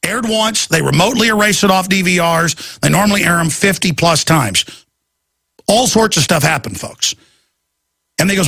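Brief: male host, high gravelly voice, insistent rapid monologue, dry sound. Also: lively intonation, pushed and bright, no room sound. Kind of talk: ranting talk-show monologue.

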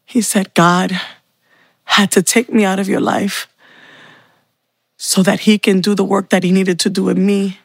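A woman's voice: mid-range voice, little pitch movement, a little slow, gravelly, pauses often, no room sound, clean studio sound. A woman giving an earnest, heartfelt personal faith testimony. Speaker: testimony speaker.

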